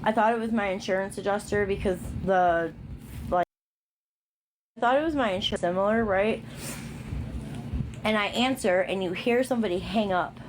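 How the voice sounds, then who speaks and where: A woman's voice: medium pitch, moderate pace, pauses often, background noise. A woman chatting casually and gossiping, with many fillers and restarts. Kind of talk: casual commentary on a played recording.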